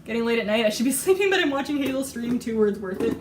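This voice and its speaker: A woman with a hoarse voice she is losing talks through her baking in a loose, rambling way. Her voice sits a little high and comes from some way off the mic, through lo-fi tablet audio in a roomy kitchen. Pans and cutlery clink behind her. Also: lively intonation, quick pace, far from the mic, very noisy. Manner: chatty, rambling, laughs often. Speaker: streamer baking on a live stream. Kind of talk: casual chat while cooking. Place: home kitchen. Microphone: iPad microphone.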